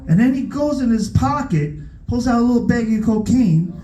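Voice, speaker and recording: A man does stand-up on a club stage with a high voice that leaps up and down as he spins a profane, animated story. He shouts his punchlines into a handheld mic. The room around him rings with echo. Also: normal speed. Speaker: stand-up comedian.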